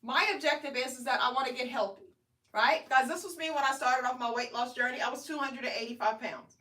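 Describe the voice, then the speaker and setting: A woman's voice: sits high, a little fast, pushed and bright. A woman in her thirties live-streaming a motivational talk to her viewers, chatty and often checking in with "okay?" and "guys.". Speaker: weight loss vlogger. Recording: distant from the mic.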